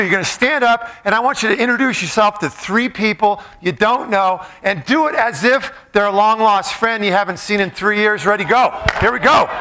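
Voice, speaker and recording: A man's voice: extremely high pitch, noisy background. A middle-aged man giving a joking, interactive talk as a motivational speaker, directing the crowd in a room with tables. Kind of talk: interactive comedic talk to a live audience. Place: event room with tables of listeners.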